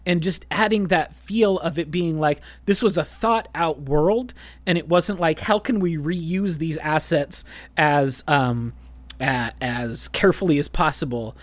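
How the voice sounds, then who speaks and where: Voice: mid-range voice, unhurried, dry recording. A podcast co-host in a casual film chat, talking animatedly with many restarts and fillers.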